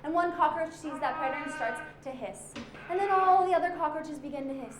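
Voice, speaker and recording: A woman's voice: high voice, fairly quick, echoey room, a crowd in the background. A woman presenting animals to a young audience as a zoo educator, playful and full of questions for the children.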